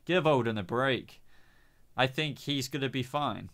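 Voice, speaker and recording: A man's voice: mid-range voice, a little slow, a bit bright. A young man with a cold, hosting a live stream and chatting casually as he reads out viewer comments, rambling with many fillers. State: has a cold.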